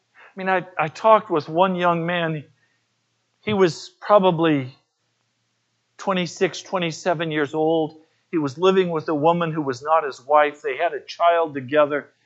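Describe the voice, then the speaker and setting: A man's voice: a little high, fairly even intonation, a little slow, muffled recording. A man preaching a sermon as pastor, telling personal stories in an earnest way.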